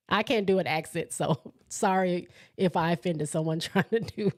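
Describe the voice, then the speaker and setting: A woman's voice: lowish voice, moderate pace. Chatty woman hosting a sports live stream. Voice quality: laughs often, excitable and chatty. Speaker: host of a live sports show. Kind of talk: casual live-stream chat reading viewer comments.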